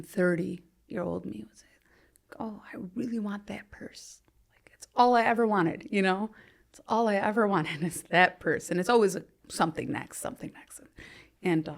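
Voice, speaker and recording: A woman's voice: on the low side, creaky. A woman in her thirties telling her own story as a podcast guest, chatty and full of "you know", her sentences often fading to a near-whisper. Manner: conversational, frequent "you know", trails off softly to near-whisper. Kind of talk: candid personal storytelling in interview.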